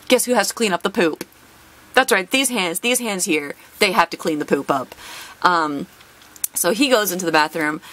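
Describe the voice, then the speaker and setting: A woman's voice: medium pitch, a bit bright. A young adult woman, a teacher hosting her own channel, tells an exasperated work story with laughs while opening a card box.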